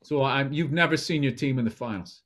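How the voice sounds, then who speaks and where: A man's voice: medium pitch, fairly quick, fairly bright tone. A man hosting a casual podcast as a comedian, blunt and profane, needling his co-host.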